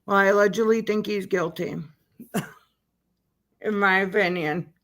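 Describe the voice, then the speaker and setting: A woman's voice: medium pitch, steady tone, a bit bright. A woman hosting a live stream, chatting casually and joking while commenting on a trial. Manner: chatty, joking, drawn-out words. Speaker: livestream host commenting on a trial.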